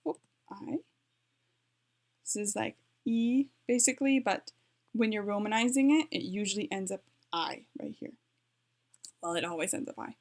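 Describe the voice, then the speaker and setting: Chatty woman teaching casually. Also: mid-range voice. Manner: chatty, self-correcting, talks while typing. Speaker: language learning vlogger. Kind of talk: casual tutorial. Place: home, with her dog nearby.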